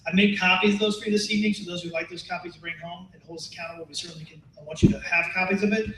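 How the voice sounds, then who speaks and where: A man on a board running through introductions fast, in a bright, forceful voice. He rambles as he talks, heard from a distance in an echoey room. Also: sits high, fairly even intonation, a little hiss or hum. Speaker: board member. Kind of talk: meeting introductions. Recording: roomy room from far off.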